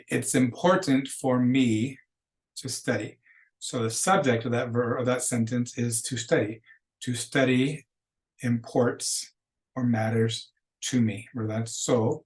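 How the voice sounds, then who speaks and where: Casting note: middle-aged male teacher, mid-pitched, patient, careful, slows down for examples. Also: rough recording. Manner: patient, explanatory, slows to model Spanish phrases. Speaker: Spanish teacher. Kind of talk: recorded lecture walkthrough.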